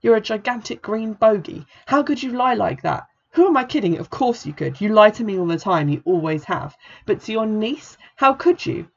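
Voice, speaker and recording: A book reviewer reading aloud as an indignant adult woman scolding her sister, with sharp, accusing delivery. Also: mid-range voice, expressive, normal speed, gravelly, few pauses, muffled recording, pitched above the performer's own voice.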